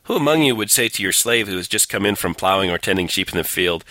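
A man's voice: deep voice, expressive, fast, pushed and bright, no room sound. A man co-hosting a casual talk show, sardonic and profane, reading scripture aloud in mock-dramatic tones. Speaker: podcast co-host.

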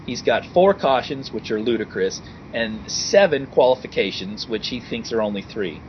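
Animated sarcastic male podcast co-host. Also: mid-range voice, normal speed, highs cut off, noisy background. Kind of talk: casual podcast chat.

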